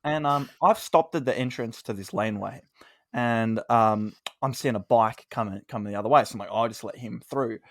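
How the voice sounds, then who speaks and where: A man's voice: mid-range voice, normal speed, no room sound. Man telling a funny story, dry sound. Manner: animated storyteller, acts out quoted lines. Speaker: podcast co-host. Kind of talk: casual comedic storytelling.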